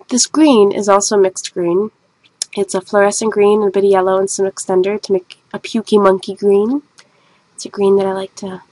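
A woman's voice: mid-range voice, darkish tone, slightly rough, no echo, low-quality recording. Brief: woman shoe artist, nasal, rambling and self-mocking, casual voice-over, mid-range voice. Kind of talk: casual voice-over of a painting video.

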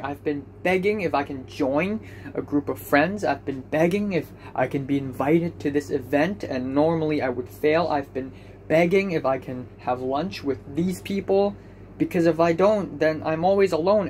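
A man's voice: fairly high pitch, darkish tone, a little hiss or hum. A young man talking in an anxious, self-deprecating ramble with many repetitions in a personal video diary. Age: young adult. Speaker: vlogger.

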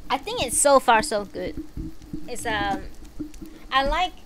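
A woman streaming a book reading, chatting in a relaxed, rambling way between chapters. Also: a little high, slow, a crowd in the background. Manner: relaxed, chatty and rambling, with frequent fillers and asides. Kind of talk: book reading and casual chat.

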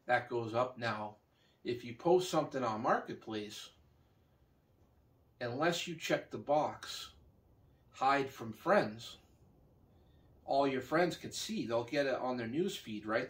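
A man's voice: mid-range voice, expressive, slow, far from the mic. A man from Canada who sells junk vehicles and scrap, telling a long story in a meandering, casual way full of "you know" and restarts. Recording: voice a bit off-mic.

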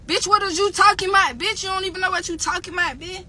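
A woman's voice: very high voice, steady tone, fast, bright, forceful tone. A woman rapper ranting angrily on a livestream. She swears constantly and keeps hammering the same insults and phrases. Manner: heated, profane, repeats insults. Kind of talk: angry livestream rant.

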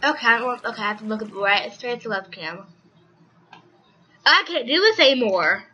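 A woman hosting a casual Minecraft let's play on webcam, rambling excitedly and repeating herself. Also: a little high, normal speed, lo-fi sound. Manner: squeals and shrieks with excitement. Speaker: gaming channel host.

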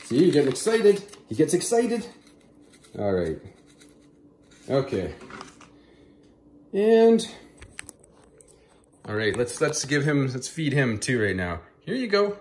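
A man takes his time, leaving long pauses, as he casually and eagerly reviews food on camera, with lots of happy mmm sounds between bites. He talks to his pet in a high, excited voice. Slight background noise is present.

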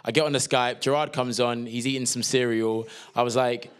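A young man with a London accent, a guest actor chatting through stories in an interview, relaxed and full of slang and fillers. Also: medium pitch, moderate pace, clear, resonant tone. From England. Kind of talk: casual interview chat.

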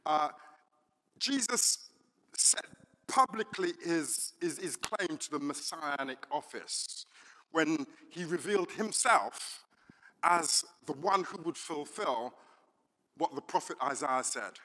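A man, a pastor preaching a sermon in a church and telling the story in an animated way, with many fillers. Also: on the high side, takes it slowly. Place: church hall. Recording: reverberant church hall.

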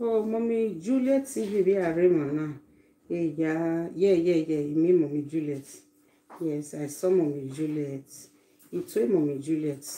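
A woman's voice: low voice, normal speed, mellow. A Nigerian woman chatting casually on a live stream, greeting her viewers one by one with effusive exclamations. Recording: roomy echo.

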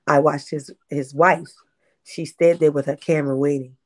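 Animated woman in her fifties. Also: deep voice, normal speed. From Baltimore, USA. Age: 50s. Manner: animated, repeats herself, acts out quotes. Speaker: interview guest, independent filmmaker. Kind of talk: casual interview storytelling.

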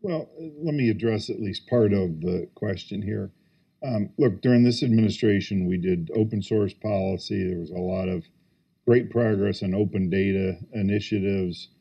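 A man speaking on a policy panel, measured and hedging, pausing often with fillers. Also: fairly low pitch, creaky, dark tone, breathy edge, muffled recording. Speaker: government technology official on a panel. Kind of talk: panel discussion.

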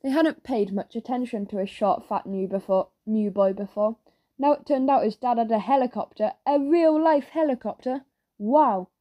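A woman narrating a children's audiobook in a lively storytelling manner. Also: medium pitch, moderate pace, lo-fi sound. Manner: lively storytelling with character voices.

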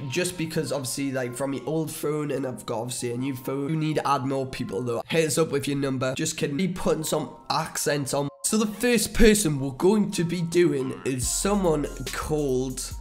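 A young man with a Geordie accent, hosting a rambling, excitable prank-call vlog. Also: mid-range voice, normal speed, few pauses, soft background music. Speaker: YouTuber host. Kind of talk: casual vlog chat.

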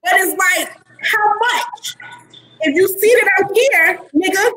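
Co-host, middle-aged woman: high voice, emphatic and plain-spoken, faint noise behind. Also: takes it slowly. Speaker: podcast co-host. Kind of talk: casual chat.

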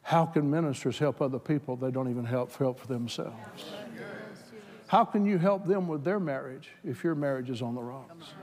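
A man preaching a sermon, moving from plain talk to loud, fervent exhortation. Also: normal speed. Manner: builds from plain talk to shouted, high-pitched fervor. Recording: hall reverb.

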